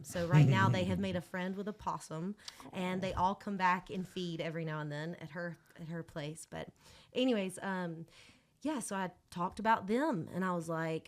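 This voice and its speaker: A woman, a musician telling stories as a guest on a podcast in casual chat. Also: fairly low pitch. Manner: chatty storyteller, talks with her hands.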